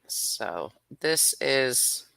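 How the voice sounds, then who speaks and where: Tearful man chatting, bright and dry. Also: mid-range voice, animated, drawn-out words, creaky, clear, resonant tone, dry recording. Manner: tearful, rambling, self-deprecating. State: near tears. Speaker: host reacting to videos. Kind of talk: casual emotional commentary.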